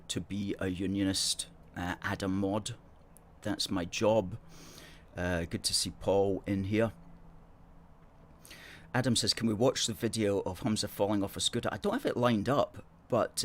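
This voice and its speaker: A man's voice: on the low side, unhurried, slight background noise. A middle-aged man hosting a live stream, chatting casually and playfully as he reads out viewer comments. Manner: playful, chatty, self-mocking. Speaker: host.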